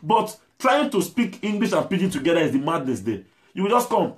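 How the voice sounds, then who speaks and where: A Nigerian man gives an impassioned video message, his fairly high voice pushing hard one moment and pleading the next. He is a musician and slides between English and pidgin. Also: very animated, brisk. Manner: forceful, pleading, mixes in pidgin.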